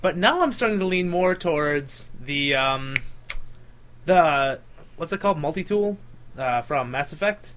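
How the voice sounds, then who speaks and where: A young man in a loose, jokey podcast chat, with a voice sitting a little higher than most men's. He tells stories with animation and laughs often. He breaks into impressions of the people he describes. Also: expressive, a little slow, a bit bright, a little hiss or hum. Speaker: podcast co-host. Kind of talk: casual chat.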